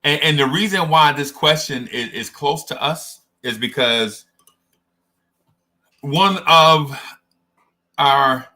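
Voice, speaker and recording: Male sports podcast host, casual and animated, wandering off on tangents; bright, fairly high voice. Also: takes it slowly, long pauses. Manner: animated, digressive storytelling.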